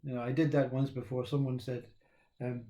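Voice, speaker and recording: A man, talking in a rambling, reflective monologue, laughing often and halting with fillers. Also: mid-range voice, little pitch movement, mellow. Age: 60s.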